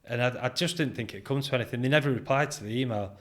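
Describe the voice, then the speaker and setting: A British man in his forties, a podcast guest and business founder, telling lively anecdotes in a casual interview, acting out quoted dialogue and laughing often. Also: mid-range voice, fast.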